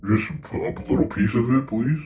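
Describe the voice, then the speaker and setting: A man voicing a crude horror-movie killer through a deep voice-changer filter, creepy and pleading. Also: a little fast, darkish tone. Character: lewd male horror-movie killer puppet voice. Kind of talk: comedy podcast bit.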